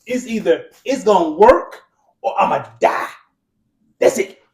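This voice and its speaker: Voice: medium pitch, very animated, measured pace, darkish tone, echoey room, distant mic. A co-host of a comedic TV recap who chimes in with jokes and opinions. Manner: chiming in, joking.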